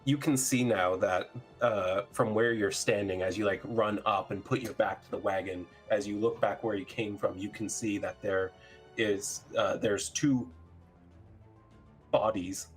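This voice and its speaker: Low-voiced man running a tabletop game. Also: a little slow, breathy edge, faint music behind. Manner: relaxed, hesitant, many ums. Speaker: game master.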